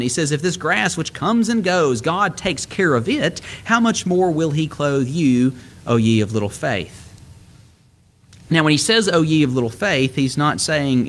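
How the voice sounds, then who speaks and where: A man's voice: on the high side, fairly bright tone. A middle-aged man preaching a sermon, explaining scripture earnestly and lifting his voice when he quotes it.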